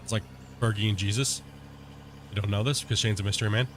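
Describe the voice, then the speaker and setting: A man's voice: fairly low pitch, fast, a little hiss or hum. Laid-back man chatting on a game stream. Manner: relaxed, rambling, filler-heavy banter. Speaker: gaming streamer. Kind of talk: casual chat with live viewers while playing.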